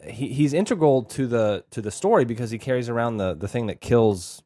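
A man's voice: mid-range voice, lively intonation, brisk, dark tone, no echo, clean studio sound. A man co-hosting a podcast in a casual film review chat, talking hesitantly with many fillers and restarts. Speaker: podcast co-host.

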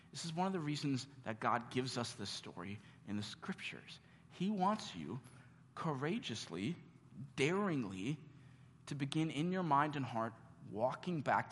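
A man preaching a sermon as pastor, earnest, with dramatic pauses and repeated questions. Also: medium pitch, fairly bright tone, slight background noise. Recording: long reverb of a large hall.

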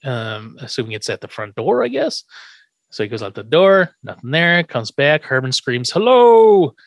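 A man's voice: medium pitch, moderate pace, gravelly, dry recording. A man casually recapping a sitcom episode on a podcast, acting out the characters' lines as he goes. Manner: animated retelling, acting out quoted lines. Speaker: podcast host.

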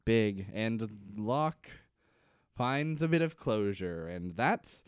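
A man's voice: lowish voice, big pitch swings, slow, clean tone, no room sound, studio quality. A man co-hosting a podcast, recapping a TV episode in a jokey, rambling way with fillers and restarts. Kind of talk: casual chat recap.

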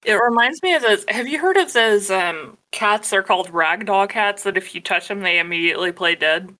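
A woman's voice: mid-range voice, normal speed, sharp tone. A young woman co-hosting a casual chat, emphatic and swearing casually. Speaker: podcast co-host.

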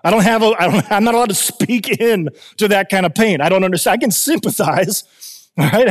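A man in his thirties preaching a sermon as pastor, animated and conversational, with restarts and jokes. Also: sits high, a little fast, long reverb tail.

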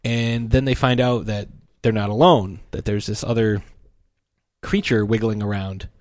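A man's voice: on the low side, unhurried, no echo, clean studio sound. A man talking casually and animatedly, retelling comic strips and briefly acting out the characters' voices. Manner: animated storytelling, acts out the characters' lines.

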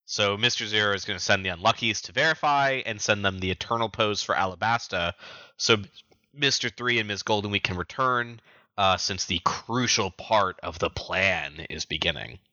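A man's voice: on the low side, bright, forceful tone, dry recording, dull audio. A man co-hosting a podcast, casually retelling story events and acting out the characters' lines. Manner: quick retelling with acted-out quotes. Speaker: podcast co-host. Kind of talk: casual recap chat.

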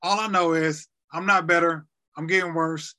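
A man of thirty, a podcast guest, retelling a hard medical ordeal in a halting way, often repeating words. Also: a little high, steady tone, pushed and bright. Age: 30s. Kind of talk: emotional personal story.

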